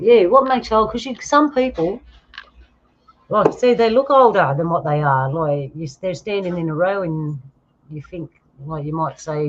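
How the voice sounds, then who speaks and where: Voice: medium pitch, a little hiss or hum. A host in their fifties, chatting casually on a video call livestream and laughing often. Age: 50s. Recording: dull lo-fi stream audio.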